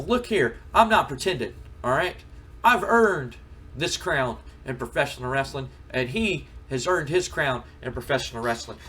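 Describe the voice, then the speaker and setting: A man voicing a blustering, pompous older male wrestling king, shouting and boasting high above his own voice.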